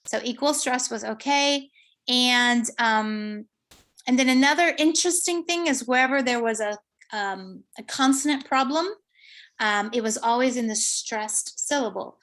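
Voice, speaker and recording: A woman researcher giving an academic conference presentation, explaining her findings step by step with frequent pauses and fillers. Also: fairly high pitch, fairly bright tone.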